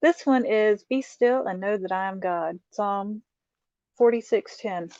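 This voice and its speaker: A woman's voice: medium pitch, unhurried, darkish tone, no echo. A middle-aged woman, chatting casually on a live stream as she shows off a craft haul, laughing often and talking to her viewers. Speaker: livestream host showing a craft haul. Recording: dull, muffled lo-fi sound.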